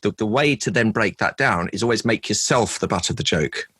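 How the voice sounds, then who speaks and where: A man's voice: on the low side, brisk, a bit bright, husky, dry recording, poor audio. A middle-aged comedian from London with a London accent, chatting in a podcast interview about his work, anecdotal and self-deprecating. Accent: London English. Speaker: comedian and former presenter, guest.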